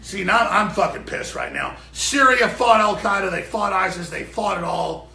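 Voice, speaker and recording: A man, a show host, ranting furiously and profanely off air in a broadcast studio before going live, often shouting. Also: sits high, moderate pace, vocal fry, roomy sound. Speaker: radio and web show host.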